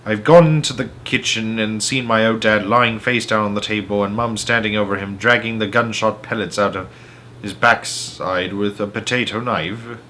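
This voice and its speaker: A cheerful, scheming poacher father, read aloud by a man from a storybook. He talks with lively, boastful relish in a bright, forceful voice, as if sharing a grand secret. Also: fairly low pitch, normal speed, a little hiss or hum. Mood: teasing. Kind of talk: children's book read-aloud.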